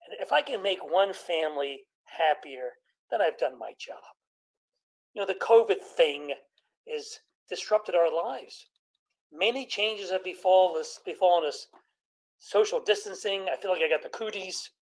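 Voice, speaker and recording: Middle-aged man, stand-up comic bit, deadpan punchlines, slips into quick character voices. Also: high-pitched, poor audio. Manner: deadpan joke delivery with put-on patient voices. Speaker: comedian doctor. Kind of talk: stand-up comedy routine.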